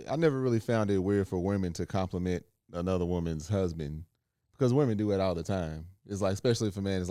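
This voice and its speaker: A man's voice: sits low, mellow, no room sound, studio quality. Laid-back man chatting on a podcast. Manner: laid-back, laughs while acting out quotes. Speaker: podcast co-host. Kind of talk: casual chat.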